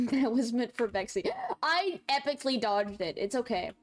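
Young woman streaming a game, kinda high voice, faint music under it, chatty and giggly. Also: animated, moderate pace. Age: young adult. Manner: chatty, laughs a lot, reads chat aloud. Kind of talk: casual gaming stream chat.

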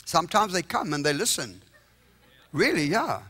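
A middle-aged man with a South African accent preaching a revival sermon in a church, lively and joking with the congregation, often checking "all right?". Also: on the high side, normal speed, slightly rough. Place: church sanctuary.

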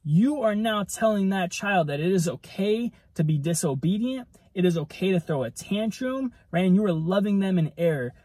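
A man's voice: high voice, a little mellow, no echo. A man giving a casual devotional teaching, talking conversationally and tagging nearly every point with "right?". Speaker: ministry preacher.

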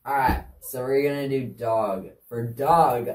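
A woman's voice: extremely low pitch, measured pace, hardly any pauses, a little mellow, a little hiss or hum. A woman casually demonstrating sign language signs for a kids' lesson, chatty and easygoing with offhand asides. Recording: echoey room, distant mic.

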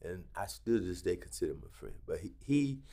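A fast-talking man with a low voice, guesting on a podcast, shares a story as a Las Vegas casino executive. He plays out the quoted lines of the people in it with animated energy.

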